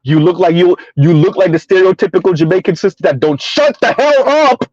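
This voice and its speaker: A man's voice: high voice, expressive, brisk, a little mellow, dry recording, dull audio. A man hosting a casual livestream commentary, emphatic and rambling, chuckling between points. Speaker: commentary channel host.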